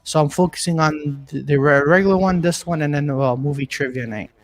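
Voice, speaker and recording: Hesitant, rambling man, higher voice. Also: fairly quick, dry recording. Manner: hesitant, rambling with many fillers. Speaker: comedian and podcast co-host. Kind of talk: casual chat on a live video show.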